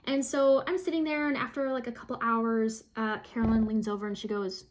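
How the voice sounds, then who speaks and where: A woman's voice: a little high, fairly even intonation, brisk, hardly any pauses. A woman vlogging casually to camera, chatty and self-deprecating, with frequent fillers and laughs. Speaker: flosstube vlogger.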